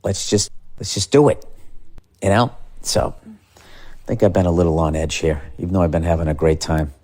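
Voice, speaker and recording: A man's voice: low voice, normal speed, a little mellow. A man in his fifties ranting casually as a podcast host, profane and exasperated. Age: 50s. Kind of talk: casual comedic rant.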